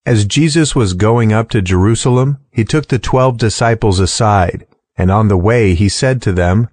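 A man narrating scripture in a steady, clear, formal way. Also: lowish voice, normal speed, no echo. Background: music underneath.

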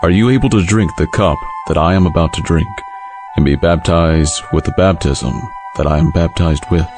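A man playing Jesus in a dramatized scripture reading, speaking in a measured, solemn, grave way. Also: low voice. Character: Jesus, calm authoritative male teacher. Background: music underneath.

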